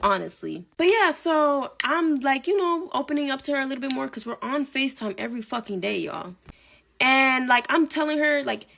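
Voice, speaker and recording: A woman's voice: fairly high pitch, gravelly, sharp tone. A young woman telling a casual storytime vlog, chatty and dramatic, swearing and dropping Spanish phrases.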